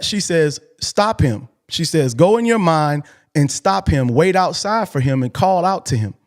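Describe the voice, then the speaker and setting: A man's voice: fairly high pitch, a little mellow. A man telling a personal story on a call-in show in an earnest, colloquial way, emotional and near tears, repeating himself as he goes. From Texas. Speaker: host.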